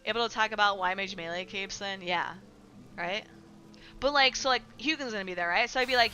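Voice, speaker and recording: A woman's voice: mid-range voice, quick pace, bright, forceful tone, slight background noise. A woman streamer chatting casually with her live chat, rambling with lots of filler words and casual swearing.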